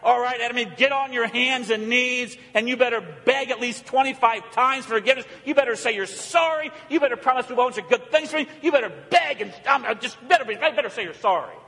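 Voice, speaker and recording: A preacher doing a wrathful male God, bellowing threats in a high, strained voice. The scolding tumbles out fast and loud, ringing through a hall with a long reverb tail. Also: exaggerated voice. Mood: demanding. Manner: shouting, scolding, rapid threats. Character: angry, threatening male God who yells at sinners.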